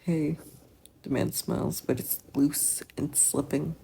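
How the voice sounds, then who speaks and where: A fan-fiction reader narrating a story aloud in a soft, subdued voice. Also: medium pitch, little pitch movement, measured pace, creaky, a little hiss or hum. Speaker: podfic reader.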